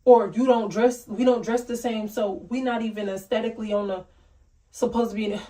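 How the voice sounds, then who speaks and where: A woman's voice: on the high side, fairly even intonation, fairly quick, warm tone. A young woman vlogging in a casual talk to camera, blunt and candid, ranting from the heart. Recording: voice a bit distant from the mic.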